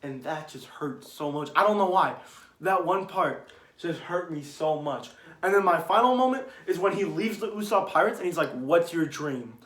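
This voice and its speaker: Young male fan, slightly higher voice, rambling casual ranking chat, roomy echo. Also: normal speed. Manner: rambling, restarts, grows excited and loud. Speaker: anime commentator. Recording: echoey room.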